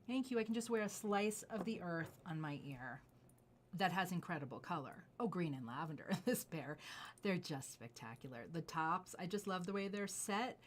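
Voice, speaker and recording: A woman's voice: on the low side, lively intonation, normal speed, slight background noise. Gushing, effusive woman showing off jewelry. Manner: gushing, effusive, drops to soft asides while showing pieces. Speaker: jewelry designer and seller. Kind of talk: enthusiastic product showcase.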